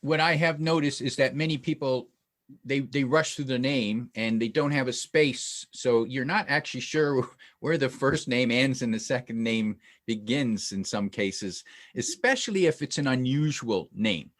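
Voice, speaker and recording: A man's voice: medium pitch, measured pace, a bit bright. A man hosting a podcast interview, talking conversationally with small restarts. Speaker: podcast host.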